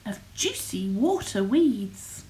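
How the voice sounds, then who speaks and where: A woman voicing a cheerful herd of duck-billed dinosaurs in a children's storybook, with bright hooting calls. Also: medium pitch, sing-song, slow pace, low-quality recording. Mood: joyful.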